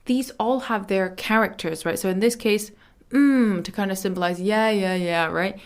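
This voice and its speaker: A woman hosting a language lesson podcast, explaining phrases in a chatty way and saying model words slowly and carefully. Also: mid-range voice. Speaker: Mandarin teacher.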